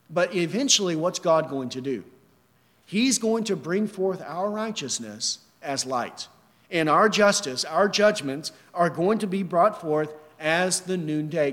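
A male preacher delivers an emphatic sermon, asking and answering his own questions. His voice sits high for a man. It rings out with long reverb, as in a large hall. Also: fairly bright tone. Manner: earnest, emphatic, repeats rhetorical questions.

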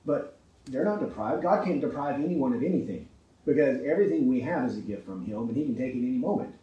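A man's voice: mid-range voice, animated, fast, reverberant, far from the mic, muffled recording. A man preaching a sermon with emphasis, often asking his listeners rhetorical questions and checking in with "right?".

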